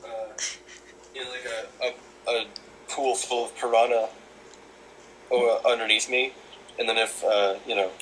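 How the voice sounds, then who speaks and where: A young man chatting casually, joking and halting, with many fillers. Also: medium pitch, level tone, fairly bright tone, slight background noise, rough recording. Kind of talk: casual chat.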